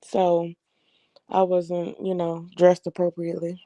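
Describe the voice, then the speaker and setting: A woman guest on a live stream chat over a video call, talking earnestly in a soft, sleepy voice. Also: fairly low pitch, completely flat delivery, unhurried, dry recording.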